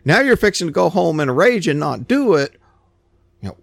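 A man preaching a sermon, retelling a scripture story in plain everyday words with animated storytelling. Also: a little high, brisk, creaky, no room sound.

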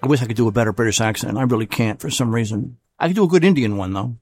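A man's voice: medium pitch, racing, a little mellow, faint music behind. A man hosting a solo commentary show, talking casually and rambling, often stopping to correct himself. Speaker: show host.

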